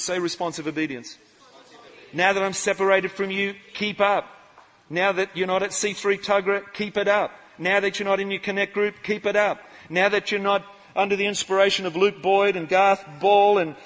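A man preaching a lively church sermon, animated and jokey, calling out to the congregation. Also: sits high. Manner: animated, jokey, shouts out to the crowd. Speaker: pastor. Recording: live sermon in a reverberant church hall.

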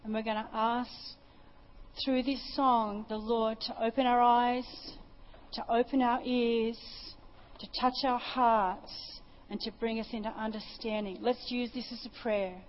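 Woman preaching a sermon, fervent, repeats herself, kinda high voice, muffled lo-fi church tape. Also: little pitch movement, measured pace, a little hiss or hum. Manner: impassioned testimony, repeats phrases. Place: church service.

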